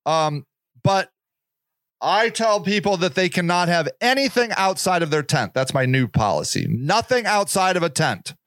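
A man's voice: high-pitched, fairly bright tone, clear, resonant tone, no echo. A man hosting a podcast, giving blunt, repetitive advice in a casual monologue and acting out the people he quotes. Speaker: podcast host.

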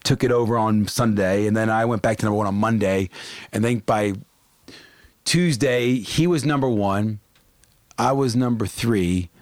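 A man's voice: fairly low pitch, moderate pace, no echo. A middle-aged man, a barbecue cook and DJ, telling anecdotes in casual chat and laughing at his own jokes.

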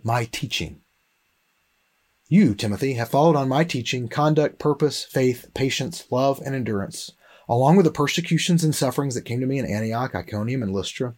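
A man's voice: medium pitch, normal speed, a little mellow. A man leading an evening Bible lesson, telling a story with quoted dialogue and then reading scripture aloud. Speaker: teacher of a Bible study. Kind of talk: sermon-style Bible lesson.

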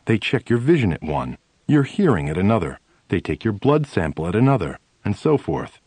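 Male audiobook reader, first-person memoir, animated storyteller, dry close sound. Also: on the low side, moderate pace, husky, no room sound. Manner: animated storytelling with shifting emphasis.

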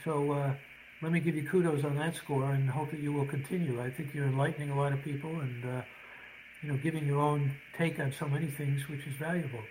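Animated joke-telling man, radio guest. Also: on the high side, fairly quick, background noise. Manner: animated storyteller, hesitant with fillers. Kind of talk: telling jokes on a radio show.

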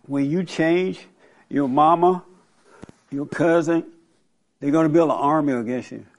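A man's voice: a little high, unhurried. A man leading a casual group discussion, speaking in an encouraging, preacher-like way. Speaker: group leader.

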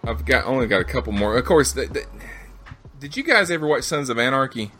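A man's voice: medium pitch, sing-song, fairly quick, bright, forceful tone, soft background music. A man hosting a podcast, chatting casually and rambling through a retelling. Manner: rambling, loose retelling with fillers. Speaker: podcast host. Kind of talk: casual chat.

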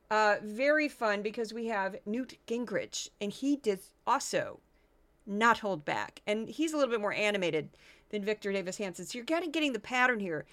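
A woman's voice: on the high side, a bit bright. A woman hosting a podcast who comments on news clips casually and sarcastically, often laughing. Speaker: podcast host.

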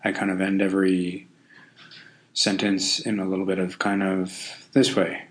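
A man's voice: low-pitched, completely flat delivery, normal speed. A man hosting a casual solo podcast, thinking aloud in a loose, self-deprecating way with frequent ums and restarts. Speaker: podcast host.

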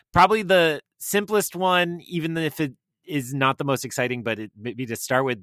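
A man's voice: medium pitch, bright, forceful tone, no room sound, studio quality. A man co-hosting a podcast in a casual, enthusiastic, chatty way. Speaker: podcast co-host. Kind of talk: casual chat.

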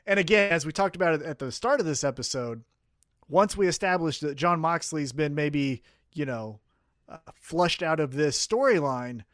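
Man, podcast co-host, slightly high voice, dry close audio, swears a lot, animated storyteller. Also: no room sound. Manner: profane, animated storytelling with acted-out quotes. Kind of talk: casual podcast chat.

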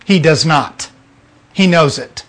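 A man's voice: on the high side, slow pace, fairly bright tone, a little hiss or hum. A man preaching an informal sermon to a small group, blunt and emphatic, acting out little scenes.

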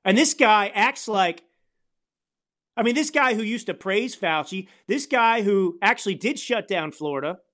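Heated, animated male podcast ranter. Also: high-pitched, unhurried. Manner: heated, ranting, indignant. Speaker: podcast host. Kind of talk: political commentary podcast.

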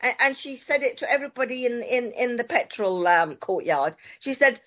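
Guest woman, fairly high voice, indignant storyteller full of ums, muffled lo-fi sound. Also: animated, normal speed. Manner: emphatic, indignant storytelling with many fillers. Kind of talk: casual conversation, telling a story. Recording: dull lo-fi audio.

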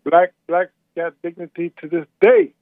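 A man from California phoning in to a radio show, heard through a tinny phone line. His voice sits fairly high for a man, and he argues back steadily against the host. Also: little pitch movement, normal speed, no room sound. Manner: argumentative, pushes back on the host. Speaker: caller. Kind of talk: call-in radio phone conversation.

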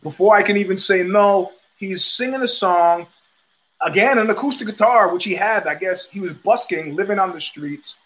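A man's voice: high voice, moderate pace, a bit bright, poor audio. A middle-aged man hosting a show, telling a long profane story and acting out the people in it. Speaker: host. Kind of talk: storytelling monologue.

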